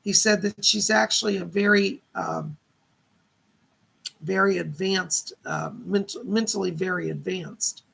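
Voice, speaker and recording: Male psychic host, very gravelly and husky, chatty, reads viewer questions and relays spirit messages. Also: high-pitched, fairly even intonation, measured pace, sharp tone. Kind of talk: live-stream psychic readings.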